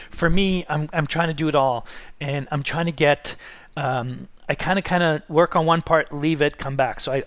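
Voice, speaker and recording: A man's voice: a little high, fairly bright tone. A middle-aged man teaching art over a drawing demo, chatty and encouraging, checking in with "okay?" and "right?" all the time.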